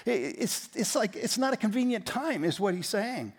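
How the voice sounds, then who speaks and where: A man's voice: high voice, sing-song, normal speed, gravelly, slightly rough, long reverb tail. A man preaching a sermon as pastor, emphatic and leading his congregation in reading aloud. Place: church.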